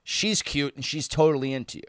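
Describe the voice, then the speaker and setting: A man's voice: a little high, a little fast, fairly bright tone, clean tone, dry recording, clean studio sound. A man telling a wild party story in casual chat, laughing and swearing freely.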